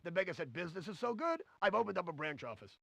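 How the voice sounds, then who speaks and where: A brash, corny stand-up comic in an old CD-ROM game, firing off hammy one-liners fast in a high, bouncy, gravelly voice. The recording is close and dry. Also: male voice, very animated, a bit bright, dry recording, full character voice. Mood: joke-telling. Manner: brash, hammy joke delivery. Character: cheesy stand-up comedian man, brash and corny. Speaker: game's recorded comedian. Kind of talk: 1990s CD-ROM stand-up comedy routine.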